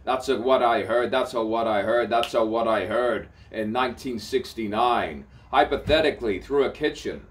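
A man's voice: medium pitch, moderate pace, hardly any pauses, recorded from a distance, slight background noise. A man, a self-described poet and playwright, delivering a rambling spoken-word monologue, repeating phrases, swearing freely and breaking into song. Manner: repetitive, theatrical, swears freely.

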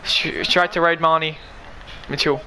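Male gamer, high bright voice, excitable live commentary, shouts at the play. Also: unhurried, slight background noise. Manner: excitable, shouting and pleading at the game. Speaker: gaming YouTuber.

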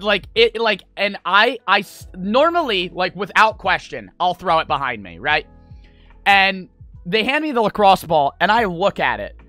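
A young man spins a rambling, profane story for his audience, his high voice swinging up and down with excitement. The sound is bright and close, with no room echo, and faint music plays underneath. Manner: rambling, animated, swears a lot, many "like" fillers. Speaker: streamer. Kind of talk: casual storytelling chat.

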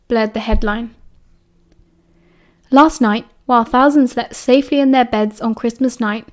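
A woman's voice: on the high side, darkish tone. British woman reading an audiobook. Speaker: audiobook narrator. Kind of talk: audiobook reading with character voices.

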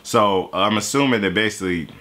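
A man's voice: deep voice, big pitch swings, fairly quick, sharp tone. A man in his twenties giving casual, jokey reaction commentary on a song, jumping into voices and asides. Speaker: music reaction YouTuber.

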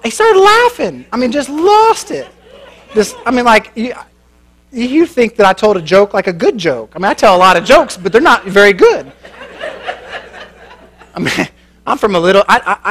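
A man's voice: high voice, lively intonation, normal speed, a bit bright. A man preaching a sermon in a church, telling a story in a folksy, joking way and laughing at his own lines. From American Midwest.

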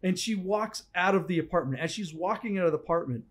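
A man co-hosting a podcast in a studio, telling stories in a lively, animated way and acting out the scenes as casual chat. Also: sits high, fast. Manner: animated storyteller, acts out scenes. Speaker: podcast co-host.

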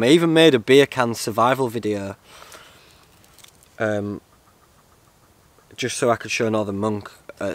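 A man chatting to camera in a casual vlog, excitable and rambling. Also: medium pitch, dry recording. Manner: excitable, rambling, swears and laughs often. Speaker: outdoor vlogger.

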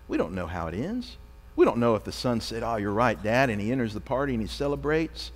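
A male pastor delivers a sermon in a mid-pitched voice. His delivery is animated and rises and falls widely as he acts out quoted voices. A long church reverb trails behind his words. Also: fairly quick. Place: church sanctuary.

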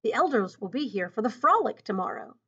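A woman's voice: fairly high pitch, big pitch swings, fairly quick, a bit bright, slightly rough, exaggerated voice. A woman voicing an earnest, remorseful young Amish girl in a storybook read-aloud, pleading and close to sobbing. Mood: distressed. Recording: dull lo-fi recording.

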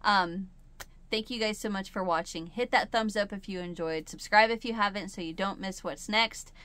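A woman's voice: mid-range voice, moderate pace, fairly bright tone, clean tone. Chatty woman rambling about crochet at home. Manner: chatty and rambling, laughs often. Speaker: crochet channel host. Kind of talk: casual chat. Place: home, sitting in a chair.

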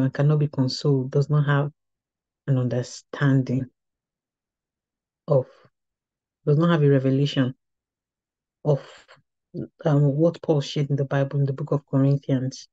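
A woman's voice: sits low, dark tone, dry recording. A woman teaching at a women's ministry, telling a testimony in an earnest storytelling way that often repeats and restarts phrases. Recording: slightly dull lo-fi recording.

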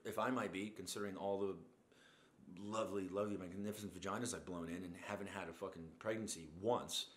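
With a lowish, fairly bright voice in a reverberant space, a man hosting a show launches into a cursing, rambling motivational rant. He's blunt, swears constantly, and keeps going off on tangents.

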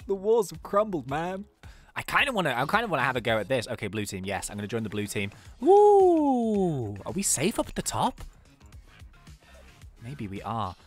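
A young man narrating his own gameplay with big swings of feeling, from mock despair to loud cheering. His pitch leaps around in a lively, animated way, with faint music under his voice. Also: a little fast. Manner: excitable, talks to himself, dramatic groans and cheers. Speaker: gaming channel host. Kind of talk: gameplay commentary.

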